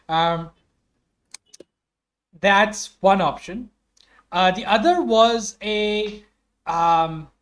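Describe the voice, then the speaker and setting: Enthusiastic Indian English player thinking aloud. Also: male voice, high-pitched, a bit bright. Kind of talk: pitching character ideas in a game chat.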